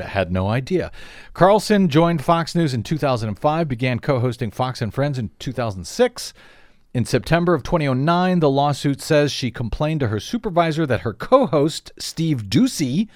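A man's voice: fairly high pitch, no echo, studio quality. A man hosting a talk radio show, reading out lawsuit details with wry asides and frequent fillers. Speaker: radio host. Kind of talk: talk radio news commentary.

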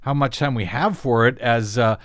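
A talk radio host speaks at normal speed with a medium-pitched voice, sounding a little out of breath. He's wry and self-deprecating, tripping over fillers, recorded cleanly on a studio microphone with no echo.

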